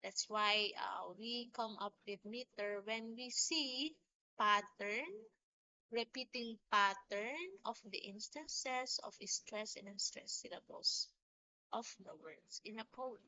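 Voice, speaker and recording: A woman teacher giving a recorded lecture on poetry, explaining slowly and deliberately with small restarts. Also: mid-range voice, fairly even intonation, pushed and bright, muffled recording.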